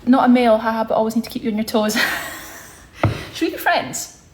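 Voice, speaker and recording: In an echoey room, a young Scottish woman in her twenties hosts a livestream at a moderate pace with a slightly high voice. She rambles along and corrects herself while going through comments.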